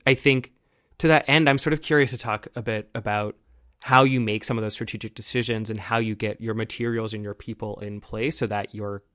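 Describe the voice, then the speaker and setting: A man's voice: on the low side, fairly bright tone, no room sound, clean studio sound. A man hosting a podcast interview, asking long, curious, rambling questions. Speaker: podcast host.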